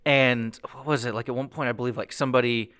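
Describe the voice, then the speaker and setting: A young man in casual podcast chat, telling stories with animated energy. His voice is mid-pitched and ordinary, and he jumps up high when he acts out what someone said. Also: quick pace, clean tone. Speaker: podcast host.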